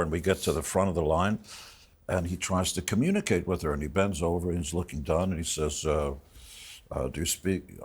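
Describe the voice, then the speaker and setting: Husky deep-voiced older man. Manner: halting, emotional retelling with pauses and restarts. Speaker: interview guest, rock musician. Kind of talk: storytelling interview answers.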